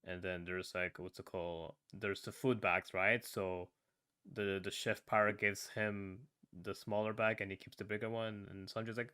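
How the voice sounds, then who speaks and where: A man with a fairly low voice chats casually on a podcast. He retells a story with animated asides, jumps into other voices for the lines, and keeps tossing in "man" and "right?". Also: moderate pace, clean tone. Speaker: podcast panelist. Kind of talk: casual podcast review chat.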